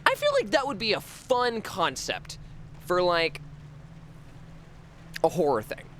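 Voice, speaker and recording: A man's voice: high-pitched, wildly swooping pitch, slow, a bit bright, a little hiss or hum. A man streaming a horror game, rambling and joking with his chat, swearing freely and sometimes chanting words over and over. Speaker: livestreamer. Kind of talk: casual gameplay commentary.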